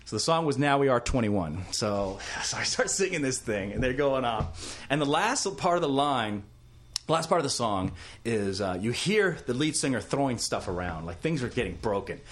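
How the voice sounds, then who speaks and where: A man's voice: mid-range voice, moderate pace. A man, an actor, telling a story from his career in a casual interview and acting out the other people in it. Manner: animated, acts out other people's lines.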